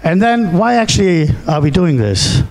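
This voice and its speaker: A man's voice: sits high, sing-song, a little mellow. German-accented man giving a keynote. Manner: halting, many fillers and restarts, asks "right?" often. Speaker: keynote speaker. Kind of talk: conference keynote speech. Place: conference hall.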